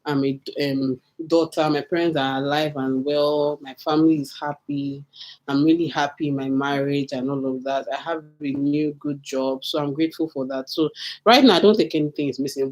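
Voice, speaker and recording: A woman's voice: low voice, darkish tone. Candid talkative woman vlogger. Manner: candid, talkative, repeats phrases for emphasis. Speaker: vlogger answering viewer questions. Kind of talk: casual get-to-know-me chat.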